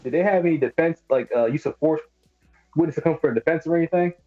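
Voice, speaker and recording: Co-host, man, quick brief interjections, phone-line sound. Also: a little high, dark tone, soft background music. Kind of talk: casual chat.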